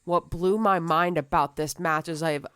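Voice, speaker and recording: A woman co-hosting a casual podcast chat, agreeable and quick to laugh, with lots of yeahs and mm-hmms. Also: sits low, steady tone, a bit bright, clear, resonant tone, no echo. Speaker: podcast co-host.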